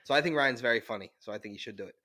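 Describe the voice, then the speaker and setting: A young man co-hosting a podcast, telling animated stories with laughter on a handheld mic. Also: mid-range voice, very fast. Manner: animated storytelling with frequent laughs. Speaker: podcast co-host. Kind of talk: casual chat. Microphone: handheld mic, sometimes held away.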